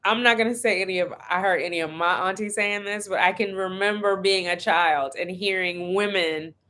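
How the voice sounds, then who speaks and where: A woman's voice: medium pitch, moderate pace. A woman hosting a casual live stream from home, chatting and telling family stories. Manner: chatty, animated storytelling with laughs.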